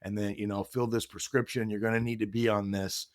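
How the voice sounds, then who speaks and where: A man's voice: fairly low pitch, level tone, brisk, no echo, clean studio sound. A middle-aged man telling a candid personal story as a podcast guest, earnest and reflective, voicing the people in it. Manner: earnest, reflective, acts out quoted dialogue.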